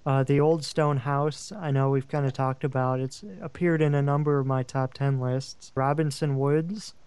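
A man's voice: mid-range voice, fairly even intonation, moderate pace, darkish tone, clear, resonant tone, no room sound. A man on a radio talk show, chatting casually about places he will write about, with lots of fillers. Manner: chatty, rambling with many fillers. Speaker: regular guest, paranormal writer.

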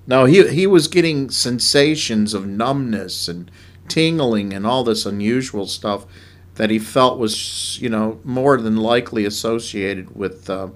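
A man hosts a talk show in an ordinary mid-range voice. He keeps things moving with steady, prompting questions and brief responses. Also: medium pitch, unhurried. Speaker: host. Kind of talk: interviewing a guest.

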